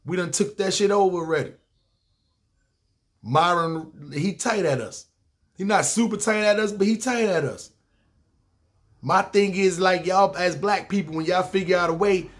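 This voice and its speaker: A man with a New York accent spins a story from his past on his podcast. His voice sits a little high for a man. He talks in loose, animated street slang with plenty of swearing. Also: moderate pace, long pauses. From Harlem, New York. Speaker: podcast host. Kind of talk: casual storytelling.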